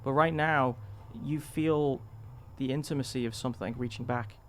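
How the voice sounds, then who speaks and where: A man's voice: medium pitch, steady tone, fairly bright tone, a little hiss or hum. Man narrating as game master. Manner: descriptive, unhurried narration with restarts.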